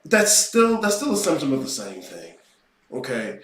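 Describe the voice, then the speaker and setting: A man's voice: mid-range voice, wildly swooping pitch, normal speed, a bit bright. A man giving an unscripted, ranting lecture as an occult teacher, profane and mocking in tone. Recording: roomy echo, voice far from mic.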